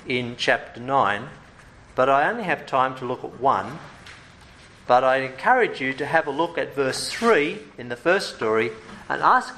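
Animated, humorous male preacher. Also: mid-range voice, roomy sound, slight background noise. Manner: lively and humorous, with playful asides. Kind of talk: sermon.

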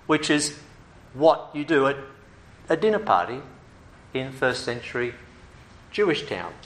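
A man preaching a sermon in a lively, humorous way, with playful asides. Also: medium pitch, moderate pace, long pauses, echoey room, slight background noise.

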